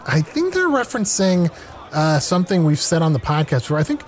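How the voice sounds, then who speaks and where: A man co-hosting an improvised comedy podcast, explaining things patiently in animated banter. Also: a little high, fairly quick. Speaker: podcast co-host.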